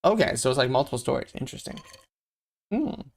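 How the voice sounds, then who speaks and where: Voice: sing-song, quick pace, gravelly. Comic reader doing character voices. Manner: reads panels aloud, switching into character voices; aside comments in a lower, quieter voice. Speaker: channel host. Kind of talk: live comic book reading.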